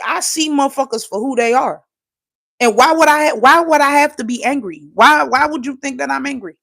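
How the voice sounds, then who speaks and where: Woman from Trinidad, high-pitched, holding back tears, swearing hard through an insistent livestream rant. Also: a bit bright. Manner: profane, impassioned, insistent. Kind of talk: emotional live-stream rant.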